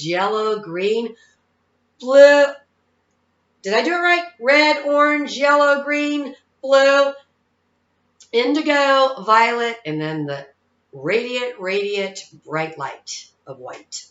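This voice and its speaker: A woman's voice: medium pitch, a bit bright. A woman psychic medium giving casual spiritual advice in a folksy, chatty way, often checking in with her listeners. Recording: echoey room, dull lo-fi sound.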